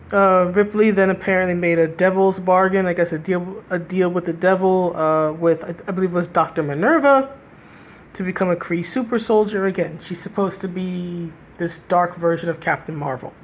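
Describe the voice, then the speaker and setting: Sardonic woman rambling through a review. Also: on the low side. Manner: rambling, frequent restarts and "right?" asides; sardonic, critical. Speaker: comic book reviewer. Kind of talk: casual spoken review.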